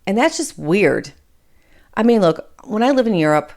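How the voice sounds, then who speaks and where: A woman's voice: lowish voice, animated, a little fast. A woman in her forties or fifties from Michigan, with a trace of Appalachian in her accent, hosting a blunt, opinionated solo commentary show where she swears casually and drifts off topic. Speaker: podcast host.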